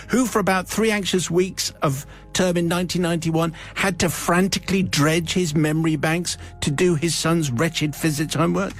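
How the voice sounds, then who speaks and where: Male radio host, fairly high voice, reading a listener confession, wry playful asides. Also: fairly even intonation, normal speed, hardly any pauses, soft background music.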